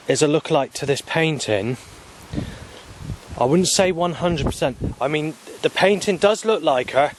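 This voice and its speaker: A man rambles into a handheld phone while walking outside, his voice sitting a little high. He swears heavily and now and then bursts into angry shouting. Faint traffic hums in the background. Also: expressive, normal speed. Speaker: vlogger. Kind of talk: rambling walking vlog monologue. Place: outdoors, walking along paths. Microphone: handheld phone camera.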